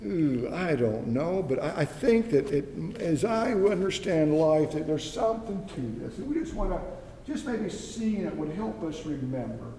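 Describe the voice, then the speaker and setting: A man preaching and telling a story in an animated way, with halting asides, in a church hall. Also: fairly high pitch. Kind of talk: sermon storytelling. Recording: echoey hall with faint noise.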